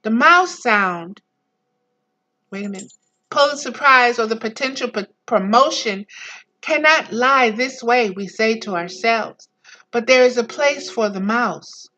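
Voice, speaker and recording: Slow, bright-voiced woman reading aloud. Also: lively intonation, dull audio. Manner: slow, deliberate reading, drifting into soft low asides. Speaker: spiritual teacher reading aloud. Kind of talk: reading a book aloud with personal commentary.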